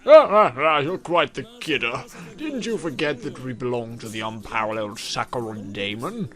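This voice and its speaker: A man voicing a plump elderly male detective, slow, oily and mock-polite, reading game dialogue aloud. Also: mid-range voice, lively intonation, lightly acted.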